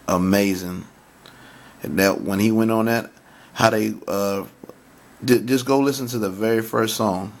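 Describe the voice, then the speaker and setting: With a lowish voice, a man talks casually to his viewers about hip-hop. He's excited, often stammering and restarting sentences, and recites lines he loves.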